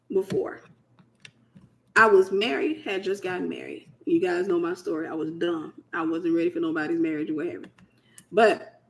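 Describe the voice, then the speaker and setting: A woman from the United States hosting a casual Christian teaching talk, speaking in an emphatic, colloquial way and repeating her key phrases. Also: fairly low pitch. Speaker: host.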